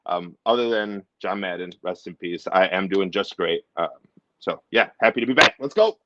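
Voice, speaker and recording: A man's voice: sits low, moderate pace, dull audio, heavy background noise. A man co-hosting a casual sports podcast, rambling and enthusiastic as he reels off stats. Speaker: podcast co-host.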